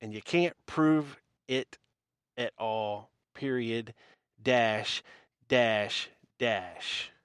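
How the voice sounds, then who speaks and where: A podcast host delivers a blunt, scornful ranting monologue packed with profanity. His medium-pitched voice is smooth and fairly bright, and he speaks extremely slowly, captured in a dry, studio-quality recording.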